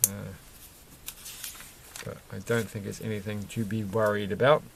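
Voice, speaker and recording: A man's voice: on the low side, level tone, unhurried, creaky, a little hiss or hum. A man chatting casually and rambling while he builds a toy set, chuckling often and breaking off mid-sentence. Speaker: vlogger building Lego sets.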